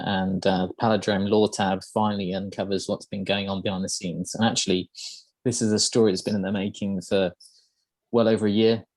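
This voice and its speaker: A man's voice: lowish voice, darkish tone, dry recording. A man hosting a podcast, explaining game lore in casual chat, hesitant and full of ums and uhs. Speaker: podcast host.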